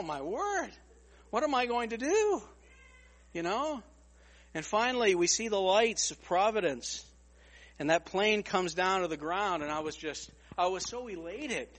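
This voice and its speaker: A man's voice: high voice, a bit bright, long reverb tail. A man preaching a storytelling sermon, repeating words as he goes and acting out other people's lines.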